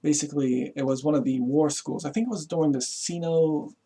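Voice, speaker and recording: A man's voice: a little high, steady tone, fast, mellow, slightly rough. A man giving a rambling, casual explanation to camera, full of fillers and swearing, chuckling as he goes. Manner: rambling, profane, chuckles often, lots of fillers. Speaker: vlogger.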